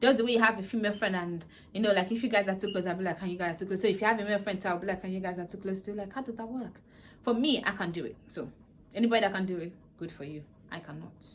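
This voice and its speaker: A woman's voice: mid-range voice, racing. A woman vlogger casually recapping a drama series, animatedly acting out the characters' lines. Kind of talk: casual chatty plot recap.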